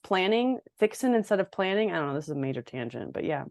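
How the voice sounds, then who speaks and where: A woman's voice: fairly low pitch, big pitch swings, fast talker, gravelly, a little mellow, no room sound, studio quality. A woman co-hosting a podcast over a video call, chatting casually and laughing often. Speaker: podcast co-host. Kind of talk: casual chat.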